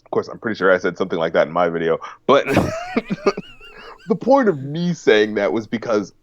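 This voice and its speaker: A man's voice: lowish voice, huge pitch swings, moderate pace, highs cut off, slight background noise. A man co-hosting a stream, rambling through casual chat and mimicking people. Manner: rambling, laughing, mimics others.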